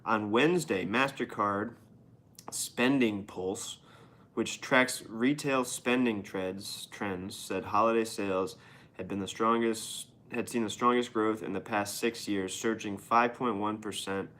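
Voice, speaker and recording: A man's voice: on the low side, measured pace, fairly bright tone. A man reads news headlines aloud and riffs on them as host of a casual show. He is irreverent and sarcastic, swearing freely as he comments. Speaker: podcast host reading the news.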